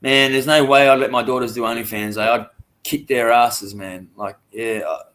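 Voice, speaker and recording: An Australian man in his forties co-hosts a podcast, his voice medium in pitch and his pace moderate. He tells stories bluntly and animatedly in casual chat, swearing a lot.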